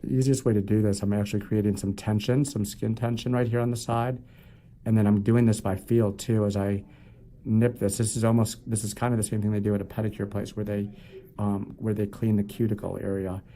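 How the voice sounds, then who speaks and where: A man who works as a foot doctor narrates a procedure while performing it in a clinic treatment room, explaining calmly and joking with his patient. His voice is fairly low and he speaks fairly quickly.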